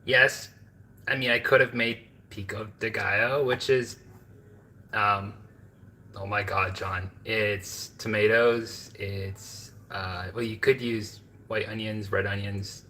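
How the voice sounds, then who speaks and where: A man's voice: on the low side, steady tone, slow pace, sharp tone, slight background noise, poor audio. A man from the American Midwest, chatting casually to his viewers from his home kitchen, rambling with lots of fillers and asides. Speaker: home cooking vlogger.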